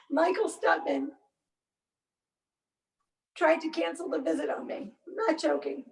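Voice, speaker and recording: High, gravelly woman, emotionally charged. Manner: emotionally charged, halting, with bursts of anger. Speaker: interview guest. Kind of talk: personal account in a podcast interview. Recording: roomy, distant mic.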